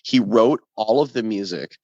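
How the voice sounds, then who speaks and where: A man who plays in a ska band, a guest in a casual podcast interview, telling an animated story that is often profane. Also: fairly low pitch, moderate pace, creaky, no echo. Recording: dull lo-fi sound, dry.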